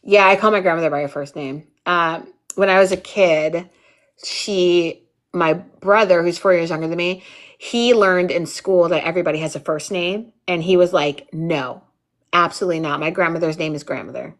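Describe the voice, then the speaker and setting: A young adult woman hosting a live workshop, chatting casually and telling an animated family story full of quoted voices. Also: on the low side, normal speed. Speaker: workshop host. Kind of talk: casual livestream chat.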